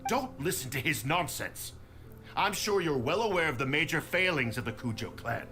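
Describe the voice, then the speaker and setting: A man's voice: a little high, expressive, moderate pace, sharp tone, faint music behind. An actor playing a scheming older male noble who blusters and stammers when he is cornered. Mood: indignant.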